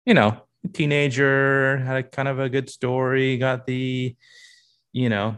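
A man co-hosting a podcast in a relaxed, enthusiastic chatty way. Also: medium pitch, a little slow, clean tone. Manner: enthusiastic, laid-back, many fillers. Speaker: podcast co-host. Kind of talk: casual chat.

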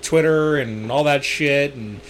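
A man's voice: medium pitch, unhurried. Crude, joking podcast host, a man. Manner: crude, joking, swears a lot. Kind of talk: casual chat.

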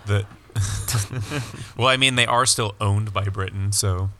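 Low-voiced man with dry quips. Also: steady tone, slow pace, sharp tone. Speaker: podcast co-host. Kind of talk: casual chat.

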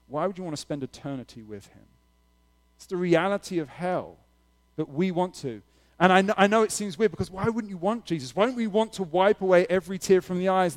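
Guy pastor giving a sermon, bit higher voice, chatty then suddenly loud. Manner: conversational, animated preaching with sudden loud emphasis.

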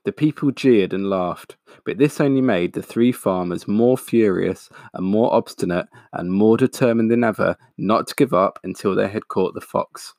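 A man reading a picture book aloud in a steady, expressive way, pointing out the pictures. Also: lowish voice, moderate pace, gravelly, few pauses, no echo, studio quality. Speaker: storyteller.

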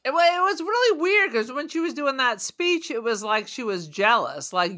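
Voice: high-pitched, big pitch swings, moderate pace, few pauses, pushed and bright. A podcast co-host chatting casually about a movie with dry, sarcastic remarks. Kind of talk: casual movie review chat.

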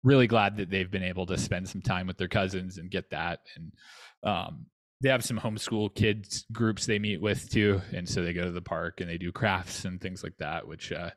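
A man's voice: sits low, fairly even intonation, normal speed, no room sound. A man who lives in North Texas, chatting casually as a podcast co-host, rambling with lots of restarts and fillers. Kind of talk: casual chat.

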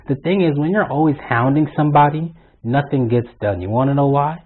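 A young man telling a work story on his channel, blunt and animated, swearing constantly. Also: a little high, brisk, few pauses, slightly rough. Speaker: vlogger. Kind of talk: profane storytime rant. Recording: tinny lo-fi phone-like sound.

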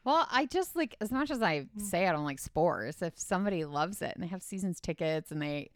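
A woman's voice: fairly low pitch, expressive, a little fast, no echo, studio quality. A young woman co-hosting a podcast, chatting casually with lots of likes and trailing-off sentences. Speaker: podcast co-host. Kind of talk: casual chat.

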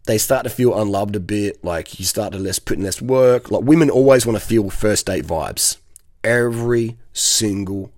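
Brief: man, low husky voice, blunt and profane, rambling advice monologue. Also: a little mellow, dry recording. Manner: rambling, swears freely, keeps checking in with "okay?". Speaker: dating advice speaker.

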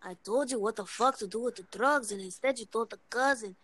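A woman's voice: a little high, fairly quick, a bit bright, husky. A woman doing a furious cursing young drug dealer. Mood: angry ranting. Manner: angry cursing rant. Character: hot-tempered young drug dealer scolding family. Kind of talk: comedic skit voice in casual chat.

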